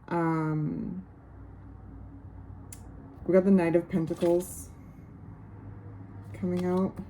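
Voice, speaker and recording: A woman who reads tarot in a relaxed, musing way. She talks to her viewers with affection and fills the pauses with "um" and "like." Her voice is dark and mellow, her delivery slow and drawn out, and her pitch sits a little low. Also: a little hiss or hum. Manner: unhurried and musing, many fillers, speaks warmly to viewers. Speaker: tarot reader. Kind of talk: casual tarot reading to camera.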